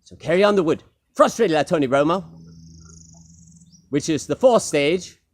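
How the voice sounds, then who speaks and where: A man's voice: a little high, animated, moderate pace. A young man telling a rambling, improvised comic story at a talent show, with many fillers.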